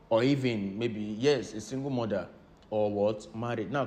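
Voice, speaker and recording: Low-voiced man teaching a class. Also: a little mellow. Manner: repeats key points and checks in with "do you understand?". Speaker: instructor. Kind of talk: lecture-style class.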